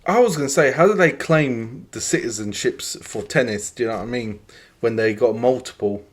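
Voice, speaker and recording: A man's voice: medium pitch, normal speed. A man hosting a podcast, giving rambling opinions in casual chat, full of fillers. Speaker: podcast host.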